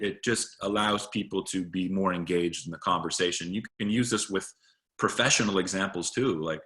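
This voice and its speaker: A man with a bright, forceful voice that sits a little low, giving a casual talk on presentation skills. He speaks conversationally and often circles back to restart a phrase. His tone is that of a friendly coach sharing tips. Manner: conversational, with frequent restarts and fillers.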